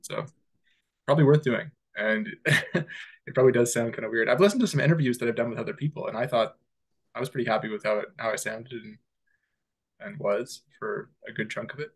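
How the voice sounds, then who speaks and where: Male podcast co-host, mid-pitched, casual, animated, loose chat. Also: breathy edge. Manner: rambling, animated, quick to laugh, many "like" fillers.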